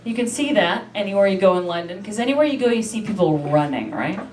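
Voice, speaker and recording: A woman's voice: mid-range voice, sing-song, fast talker. A brash, self-mocking woman from Canada, performing a stand-up set on a comedy club stage and swearing freely. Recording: echoey room from far off, loud noise.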